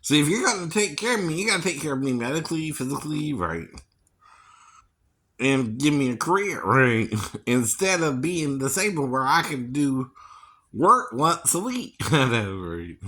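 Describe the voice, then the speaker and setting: A man's voice: on the high side, sing-song, a little slow, a bit bright, breathy edge. A man vlogging in a rambling casual monologue, chuckling often and ending lines with a questioning tag. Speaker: vlogger and singing impersonator.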